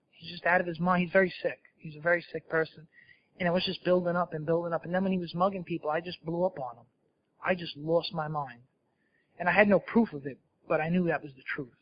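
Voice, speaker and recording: A man shares his recovery story at a meeting, candid and self-mocking. His voice sits a little high. The recording is dull and lo-fi. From New Jersey. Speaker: speaker sharing at a recovery meeting. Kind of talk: personal recovery talk to an audience.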